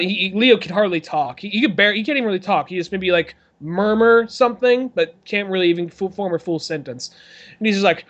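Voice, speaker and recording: A man with a fairly high voice co-hosts a casual movie podcast. He retells scenes in a loose, rambling way and slips into gruff put-on voices for the characters, cursing freely. His delivery is chatty and animated. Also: fairly quick, highs cut off. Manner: acts out scenes in rough put-on voices, swears, laughs. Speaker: podcast co-host.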